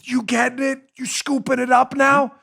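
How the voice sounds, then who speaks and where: A man hosting a political podcast, giving sarcastic, rapid-fire commentary with mocking asides, swinging from loud outbursts to low mutters. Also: flat delivery, vocal fry.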